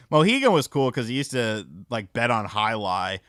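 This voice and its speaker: A man chatting on his livestream, his pitch swinging widely as he rambles through stories with plenty of swearing and fillers. His voice is bright and cutting, close to the mic in a dry, dead room. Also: sing-song, moderate pace, dry recording. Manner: rambling, profane, frequent fillers. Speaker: livestream host. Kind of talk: casual stream chat and storytelling.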